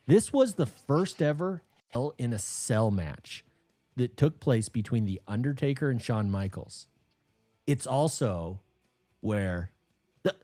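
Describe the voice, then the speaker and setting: A man in his thirties co-hosting a casual podcast, an animated storyteller who bursts into excited emphasis. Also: medium pitch, slow pace. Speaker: podcast co-host.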